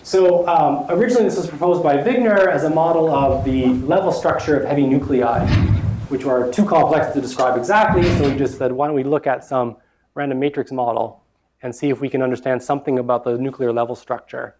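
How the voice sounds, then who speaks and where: A man's voice: medium pitch, brisk, darkish tone, a little hiss or hum. A young man giving an academic lecture with slides, talking with many fillers and restarts.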